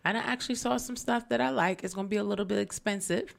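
A woman chatting casually as a podcast co-host, telling stories with lively acted-out voices of other people. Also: mid-range voice, quick pace, gravelly. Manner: animated storyteller who acts out other people's voices. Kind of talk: casual chat.

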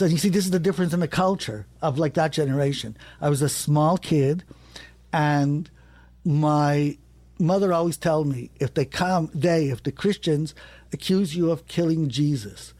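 A man spins a personal story with lively, restless energy. His voice sits a bit high and leaps higher when he is excited, and he often restarts mid-phrase. The sound is close and dry, with no room around it. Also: no echo. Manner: animated, rising sharply when excited, with self-corrections. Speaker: storyteller guest. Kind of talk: conversational anecdote.

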